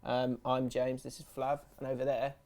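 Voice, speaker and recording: A man hosting a football podcast, chatty and teasing in quick casual banter. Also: medium pitch, monotone, a little mellow. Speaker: podcast host. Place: podcast studio.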